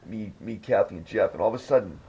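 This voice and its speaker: A man's voice: fairly low pitch, fast talker. A man hosting a casual podcast, telling a rambling, profanity-laced story. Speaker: podcast host. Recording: dull lo-fi audio with faint noise.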